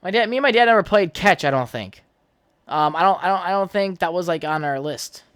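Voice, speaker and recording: A man's voice: high voice, lively intonation, brisk, a bit bright, clear, resonant tone. A young man hosting his own podcast, telling stories from his childhood in a rambling, profane way, full of fillers and restarts. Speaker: podcast host. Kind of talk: casual solo podcast storytelling.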